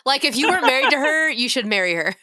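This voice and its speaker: A woman co-hosting a podcast, chatting in an expressive, quick-reacting way. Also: sits high, no echo, studio quality. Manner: expressive, flustered. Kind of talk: casual podcast chat.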